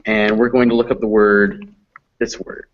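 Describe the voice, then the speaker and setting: A man's voice: fairly low pitch, flat delivery. Man patiently teaching pronunciation, muffled call audio. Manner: patient, explanatory, slows down to demonstrate sounds. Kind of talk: explaining phonetics in an online class.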